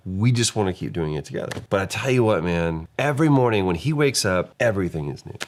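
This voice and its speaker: A man's voice: low voice, expressive, fast. A man co-hosting a casual podcast, joking and laughing often. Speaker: podcast co-host. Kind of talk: casual banter.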